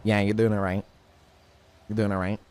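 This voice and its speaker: A man's voice: fairly low pitch, level tone, normal speed, a little mellow, smooth. A man in casual in-character game chat, teasing and repeating himself with mob-boss swagger. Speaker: role-play player as Tony.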